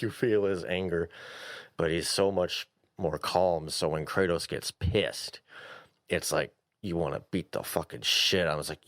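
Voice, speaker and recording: A man's voice: deep voice, normal speed, a bit bright, dry recording, clean studio sound. A man co-hosting a casual podcast, swearing freely and rambling with laughs as he talks about games. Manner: profane, rambling, laughs often. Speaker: podcast co-host.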